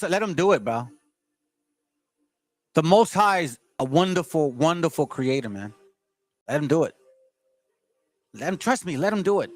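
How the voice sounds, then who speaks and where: A combative channel host with a fairly high male voice reads aloud from a history book, adding running commentary and lecturing straight at the audience. He stumbles and restarts while reading, and no room sound is present.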